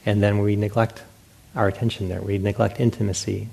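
A man's voice: on the low side, flat delivery, brisk, creaky, dark tone. A man who is a meditation teacher, giving a dharma talk at a meditation center as a self-mocking storyteller who acts out his own past thoughts and laughs often.

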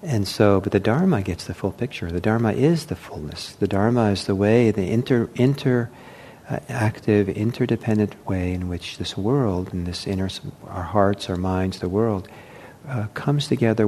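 Man giving a meditation talk, low voice, mellow tone, halting and gentle, faint rumble behind. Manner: gentle, unhurried, with frequent fillers and restarts. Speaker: meditation teacher. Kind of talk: dharma talk.

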